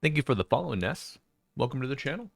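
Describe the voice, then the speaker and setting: A man's voice: mid-range voice, big pitch swings, fast talker, vocal fry, dry recording, clean studio sound. A man casting a game draft on a live stream, casual and chatty, thanking viewers between picks. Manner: chatty, laid-back, reads out chat names. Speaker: esports caster.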